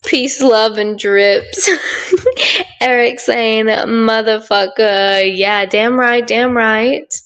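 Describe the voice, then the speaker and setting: A woman's voice: on the high side, steady tone, extremely slow, fairly bright tone, smooth. Giggly woman reading chat aloud. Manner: giggly, upbeat, reads comments aloud. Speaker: livestream co-host reading chat. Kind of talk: casual livestream chat.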